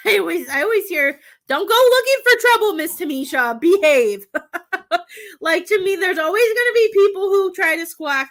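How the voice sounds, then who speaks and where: Woman, tarot reader and medium, somewhat high voice, talkative and heartfelt, laughs a lot, gets emotional. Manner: chatty, warm-hearted, laughs often between thoughts; emotional, near tears at times. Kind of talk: live tarot reading.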